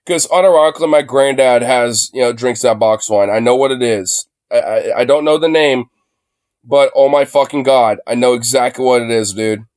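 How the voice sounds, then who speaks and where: A man's voice: medium pitch, normal speed, a little mellow, no echo, studio quality. A young man streaming from his phone, reacting to a video in a loose, profane rant full of fillers. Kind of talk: casual ranting commentary.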